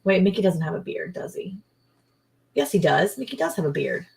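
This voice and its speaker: Chatty woman with a low voice. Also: brisk, vocal fry. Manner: chatty, rambling, quotes people in lively voices. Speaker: livestream co-host. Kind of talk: casual livestream chat.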